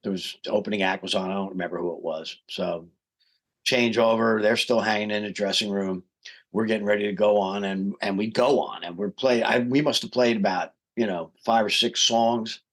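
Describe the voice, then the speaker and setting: Animated middle-aged man telling a story. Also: on the low side, normal speed. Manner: animated storyteller who acts out quoted voices. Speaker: podcast guest, rock singer. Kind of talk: casual storytelling interview.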